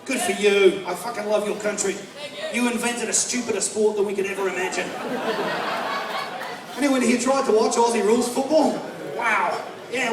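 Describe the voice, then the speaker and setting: Kiwi-guy doing stand-up, brash and sweary, crowd laughing in a roomy club. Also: high voice. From North America. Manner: brash, swearing, mocking impressions. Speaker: stand-up comedian. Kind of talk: stand-up comedy set. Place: live comedy venue with audience. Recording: echoey live room, crowd noise, distant mic.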